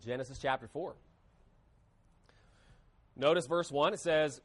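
High-voiced man preaching a sermon. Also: a little slow, pauses often, a bit bright. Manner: emphatic preaching, acting out quoted voices. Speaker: pastor.

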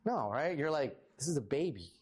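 A man in his thirties preaching a casual sermon as pastor, lively and talkative, rising for emphasis. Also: normal speed, slightly rough. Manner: casual, animated, rises in pitch for emphasis. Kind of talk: conversational sermon.

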